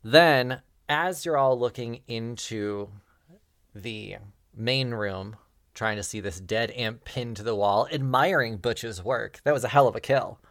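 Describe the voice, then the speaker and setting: A man running a tabletop game, narrating at an unhurried pace and chuckling often. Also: mid-range voice, a bit bright, dry recording, clean studio sound. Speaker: game master.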